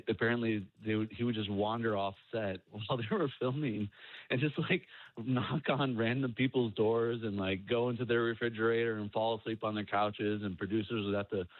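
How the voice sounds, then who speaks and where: A man calling into a radio show, telling a story haltingly with many fillers and chuckles. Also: mid-range voice, dry recording. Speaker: radio caller. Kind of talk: casual phone-in chat. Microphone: telephone. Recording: tinny phone line.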